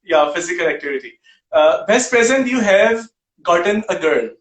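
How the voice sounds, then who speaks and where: A male talk show host firing off quick questions in a brisk, teasing way. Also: high voice, expressive, fairly bright tone, reverberant. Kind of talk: quick-fire interview questions.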